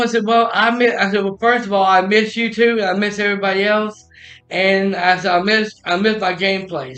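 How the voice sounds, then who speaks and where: A man streaming from home has a high-pitched, bright, forceful voice as he casually retells a story, restarting often and quoting dialogue. The room is echoey, with music playing behind him.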